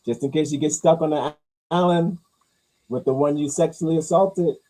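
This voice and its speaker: A man hosting a casual talk, rambling through movie news with crude jokes and mumbled low asides. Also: steady tone, normal speed, warm tone, low-quality recording. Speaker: host reacting to movie news. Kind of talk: casual chat.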